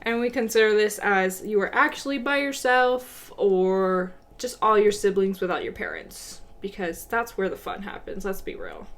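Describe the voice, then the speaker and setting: A young woman co-hosting a podcast, telling a story in a lively way and laughing often. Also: mid-range voice, normal speed, hardly any pauses. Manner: animated, laughing. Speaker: podcast co-host. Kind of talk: casual storytelling.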